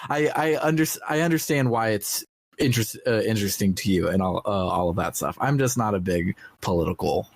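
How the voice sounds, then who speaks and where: A man's voice: on the low side, normal speed, creaky, no echo. A man co-hosting a casual podcast, speaking in a blunt, laid-back, joking way. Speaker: podcast co-host. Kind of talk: casual chat.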